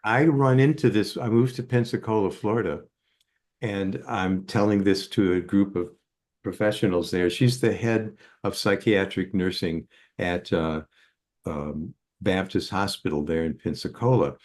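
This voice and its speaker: Older guy, lowish voice, rambles through a story in an interview, lots of uhs and restarts. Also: unhurried, darkish tone. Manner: rambling, with many fillers and restarts. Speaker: interview guest, psychotherapist.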